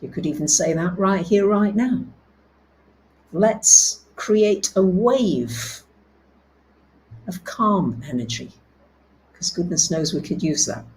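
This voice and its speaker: Slow, soothing woman astrology host. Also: expressive, low-quality recording. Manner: soothing, drops soft and low for affirmations. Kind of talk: live-stream talk reading viewer comments.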